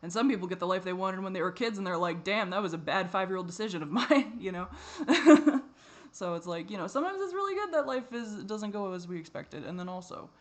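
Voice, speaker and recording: A tired man rambling in a personal vlog, swearing a lot and drifting between normal talk and low mutters. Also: animated, fast talker, few pauses, fairly bright tone. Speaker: vlogger.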